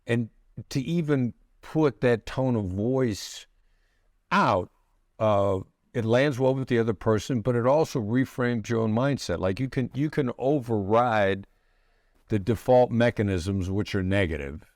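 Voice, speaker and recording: A middle-aged man, a negotiation expert guest in an interview, explaining his ideas in a measured way with pauses and restarts. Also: mid-range voice, a little mellow, no echo, studio quality. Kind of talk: conversational interview answers.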